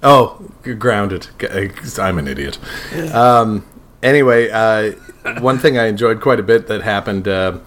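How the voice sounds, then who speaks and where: A man's voice: on the low side, animated, a little slow, fairly bright tone, a little hiss or hum. A man co-hosting a podcast in casual chat, rambling, swearing and laughing often. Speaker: podcast co-host.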